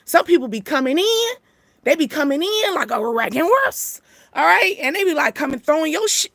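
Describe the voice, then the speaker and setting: A woman giving a casual, motivational tarot reading, talking in an animated, streetwise way, swearing now and then and checking in with the listener. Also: high voice, moderate pace, gravelly, no room sound. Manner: animated, streetwise, with frequent check-ins like "you feel me" and "okay". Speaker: spiritual tarot reader.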